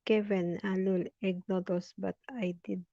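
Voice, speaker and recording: A woman's voice: medium pitch, little pitch movement, a little slow, creaky, mellow, no room sound. A woman from the Philippines hosting a casual live stream, reading out viewers' comments and greeting them by name, with frequent laughter. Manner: chatty, laughs often, reads viewer names aloud. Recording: dull lo-fi sound.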